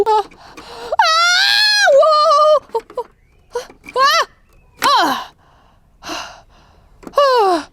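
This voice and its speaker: A woman tells a doll story aloud, voicing every toy herself in a playful, animated way. Her voice sits very high and girlish, and her pitch swoops up and down as she switches between the characters. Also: no room sound.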